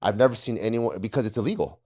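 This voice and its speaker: This man talks fast and animatedly in a fairly low, somewhat mellow voice. A former Marine sitting on a podcast panel, he shares crude, casual tales of military training, frequently laughing and playing the part of drill instructors.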